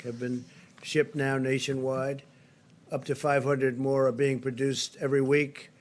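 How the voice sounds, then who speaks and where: Flat-voiced older man at a briefing. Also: mid-range voice. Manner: repetitive, emphatic, superlative-heavy delivery. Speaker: political leader giving a briefing. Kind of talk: spoken press briefing remarks. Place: briefing room.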